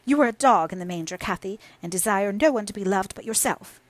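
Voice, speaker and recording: A woman voicing a jealous, tearful young woman who sobs and pleads in high, shrill outbursts. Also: fast, no echo, close to an everyday voice. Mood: tearful, indignant.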